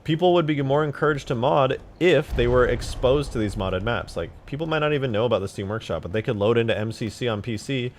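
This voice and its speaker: A man casually chatting on a live stream about modding a game, excitable and profane, with sudden loud outbursts. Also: medium pitch, quick pace, hardly any pauses, slight background noise. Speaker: game modder streaming his work.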